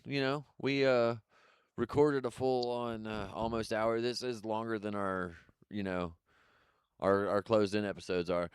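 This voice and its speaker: A man's voice: on the low side, steady tone, clear, resonant tone, no echo, clean studio sound. A man co-hosting a comedy podcast over a video call, rambling and joking. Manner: rambling, joking, quick to do voices. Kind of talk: casual chat.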